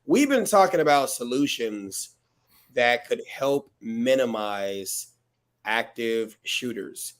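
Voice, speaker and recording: A man's voice: mid-range voice, expressive, takes it slowly. A man hosting a casual panel discussion, affirming his guests and wrapping up the show. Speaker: show host.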